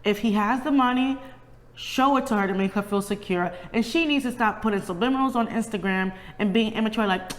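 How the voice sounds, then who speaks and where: A woman's voice: medium pitch, brisk, long reverb tail. A woman co-hosting a reality TV review, chatting casually and acting out what the cast said. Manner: chatty storyteller, acts out the cast's lines. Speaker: co-host of a reality TV review channel.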